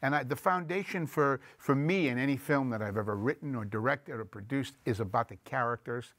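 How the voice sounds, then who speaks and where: A man's voice: medium pitch, fairly quick, fairly bright tone, no echo. A man, a film director, telling stories in an interview in a reflective way and acting out quoted voices. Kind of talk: storytelling interview.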